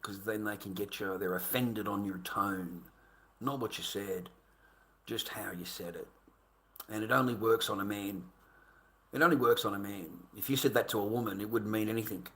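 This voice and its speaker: An Australian vlogger in his fifties delivers a rambling, aggrieved monologue to camera, swearing and repeating himself. His voice is on the low side with a fairly bright tone, at normal speed.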